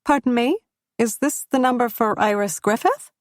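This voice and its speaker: Lady doing a businesslike airline woman, flat neutral script voice. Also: on the high side, normal speed, no echo, studio quality, pitched above the performer's own voice, close to an everyday voice. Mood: formal, neutral. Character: formal airline representative, woman.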